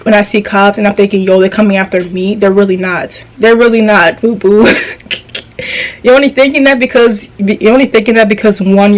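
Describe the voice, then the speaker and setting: A woman's voice: mid-range voice, rough recording. Chatty young woman telling a story. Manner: chatty, slangy and profane, with frequent restarts. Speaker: vlogger. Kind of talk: casual storytime monologue.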